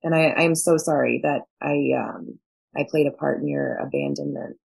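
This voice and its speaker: A young woman co-hosts a podcast and speaks reflectively, with an apologetic tone. Her voice is very low and gravelly, with a husky grain. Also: fairly even intonation, normal speed, a little mellow, poor audio. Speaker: podcast co-host. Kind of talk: candid personal podcast chat.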